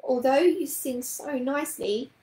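A woman's voice: high voice, a little slow, mellow, roomy sound, voice pushed up, rough recording. A woman voicing an eager, earnest young girl who speaks breathlessly and pleadingly.

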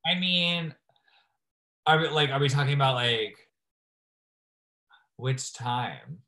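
A man's voice: mid-range voice, expressive, slow, sharp tone, rough recording. A man appearing as a drag performer guest in a casual interview, telling stories in a chatty way and filling them with "like.". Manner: chatty storyteller, frequent "like".

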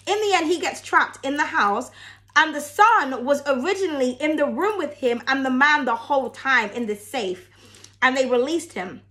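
Young woman, high-pitched, casual tarot reader, rambling, swears a lot. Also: expressive, moderate pace, bright, forceful tone. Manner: rambling, chatty, swears freely. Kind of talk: casual tarot reading chat.

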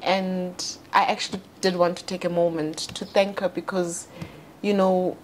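A South African woman co-hosting a casual panel chat, candid and laughing often, her voice jumping higher when she quotes people. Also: little pitch movement, normal speed, slight background noise. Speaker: co-host and founder.

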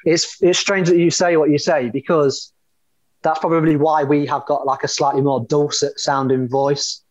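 A man's voice: fairly high pitch, little pitch movement, normal speed, no room sound, muffled recording. Rambling English man, dry recording. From England. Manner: rambling, hesitant. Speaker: co-host. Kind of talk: casual podcast chat.

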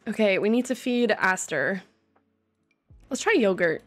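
A young woman casually commenting on a life-sim game she plays, her voice hoarse and congested, breaking into loud squeals of alarm now and then. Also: medium pitch, lively intonation, measured pace. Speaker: gaming streamer. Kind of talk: casual let's-play commentary. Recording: faint game music behind.

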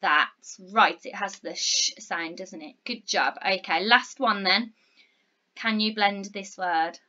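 A woman teaching phonics to young children, encouraging and clear, sounding out words slowly. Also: mid-range voice, sharp tone, highs cut off. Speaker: primary school teacher.

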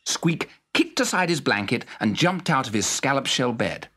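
A man narrating a children's story in a lively, expressive manner. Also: mid-range voice, normal speed, slightly rough.

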